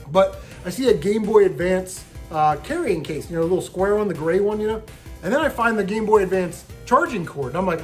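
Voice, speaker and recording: Here the voice is high-pitched, animated and brisk, with faint music in the background. The man tells casual vlog stories about a hunting trip in a video game, cursing liberally and doing impressions of those he haggled with.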